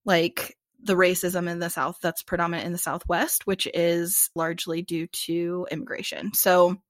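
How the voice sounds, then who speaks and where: A woman's voice: on the low side, level tone, moderate pace, no room sound, studio quality. A woman co-hosting a podcast, chatting casually and filling her talk with lots of "like" fillers. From Arizona transplant. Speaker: podcast co-host. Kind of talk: casual chat.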